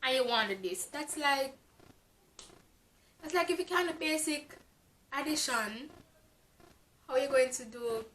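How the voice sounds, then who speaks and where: A woman's voice: sits high, expressive, measured pace, pauses often, fairly bright tone, slight background noise. A woman from Jamaica with a Jamaican accent, giving a frank, exasperated casual book review with lots of fillers. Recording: echoey room.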